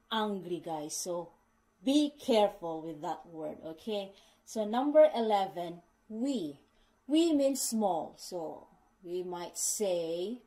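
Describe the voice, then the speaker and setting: A woman's voice: lowish voice, dark tone, low-quality recording. A middle-aged woman explaining slang to her viewers in casual speech, repeating herself patiently and calling them guys, with non-native English phrasing. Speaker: vlogger teaching British slang.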